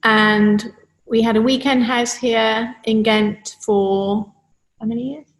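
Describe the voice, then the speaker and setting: A middle-aged woman from England, giving an interview in an unhurried way, pausing with fillers. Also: on the high side, steady tone. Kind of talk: casual interview. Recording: roomy echo.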